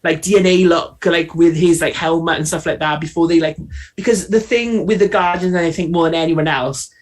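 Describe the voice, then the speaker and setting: A man's voice: fairly high pitch, fairly even intonation, a little fast. A man co-hosting a livestream, talking casually and enthusiastically with lots of "like" fillers. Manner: rambling, filler-heavy enthusiasm. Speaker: co-host.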